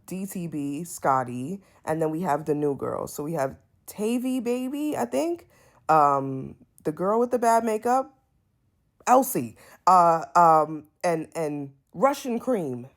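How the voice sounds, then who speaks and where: A young woman from Brooklyn, giving a blunt, animated, casual review of a reality show. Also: low voice. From Brooklyn, New York. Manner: animated, sassy, blunt commentary with quick asides. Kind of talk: casual episode review vlog.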